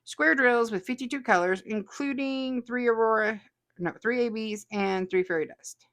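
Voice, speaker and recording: A chatty woman with a slightly high voice hosts a relaxed stream, reading viewer comments aloud and laughing often. Her talk is loose and friendly, full of small asides. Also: normal speed. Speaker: host. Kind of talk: casual livestream chat reading comments.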